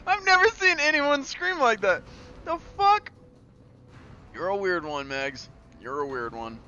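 A man streaming a game and commenting live, excitable and profane, playfully taunting enemies and talking to his chat. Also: sits high, measured pace, highs cut off, a little hiss or hum.

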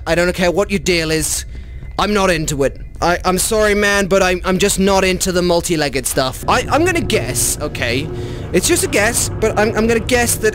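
High, animated man gaming. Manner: chatty, swearing, panicky shrieks; talks to monsters in a mock bro voice. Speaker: gaming YouTuber. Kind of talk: comedic VR horror let's play.

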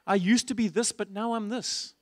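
A man preaching a sermon as pastor, passionately asking the congregation repeated questions and dropping to quiet asides. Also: steady tone, moderate pace, dry recording, studio quality. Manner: shifts between loud emphasis and soft, low asides. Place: church stage.

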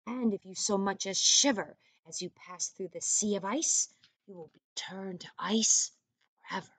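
A woman reading as a croaky wrinkled old man. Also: medium pitch, moderate pace, a bit bright, dry recording, lightly acted. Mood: ominous. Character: wrinkled old man at a mountain hut, ominous.

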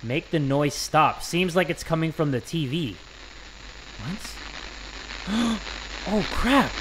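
A man hosting a horror game let's play, joking around and breaking into sudden loud outbursts. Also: a little high, animated, takes it slowly, pauses often, noisy background. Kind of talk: horror gameplay commentary.

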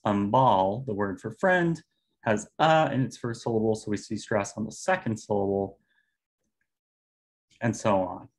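Man, low voice, academic conference talk, measured explanations, video call. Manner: measured, explanatory, with pauses and fillers. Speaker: linguistics presenter.

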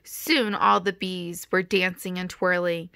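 A woman's voice: on the low side, level tone, a little slow, gravelly, bright, forceful tone, a little hiss or hum. A woman reading a rhyming children's picture book aloud in a rhythmic storytelling manner. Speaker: storybook reader. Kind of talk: children's read-aloud narration.

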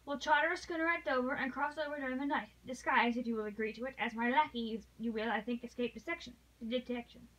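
A woman's voice: fairly high pitch, fast talker, few pauses, fairly bright tone, distant mic, poor audio. A woman voicing a noble English lady who pleads with passion, read aloud from a novel. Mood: resolute. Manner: impassioned, pleading.

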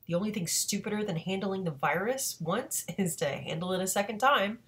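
A woman's voice: medium pitch, brisk, a bit bright, lightly acted. A woman voicing an anxious, self-mocking teenage boy musing wryly to himself. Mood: rueful.

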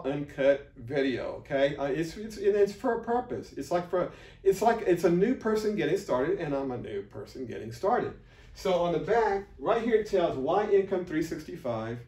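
A man talks through an unscripted sales pitch, rambling, restarting and turning blunt. His voice sits a little high. The room is echoey and he stands well back from the mic. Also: a little mellow, distant mic. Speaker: affiliate marketer presenting his offer. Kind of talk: unscripted raw video pitch. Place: room, filming himself beside a board.

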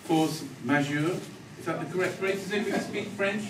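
A man's voice: sits high, steady tone, racing. A man on a school stage thanking the audience after a play, chatty, self-mocking and laughing often. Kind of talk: joking stage thank-you speech. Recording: echoey hall, mic far off, loud crowd and noise.

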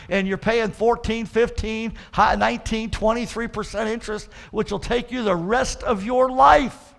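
A man pastor delivering an earnest sermon, often restarting with repeated words and swelling into loud emphatic warnings. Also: sits high, creaky.

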